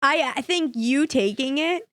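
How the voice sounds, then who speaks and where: A woman's voice: sits high, measured pace, a bit bright, dry recording. A woman guest on a podcast, chatting casually and teasing playfully. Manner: playful, laughs often, teasing. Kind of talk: casual chat. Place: podcast studio.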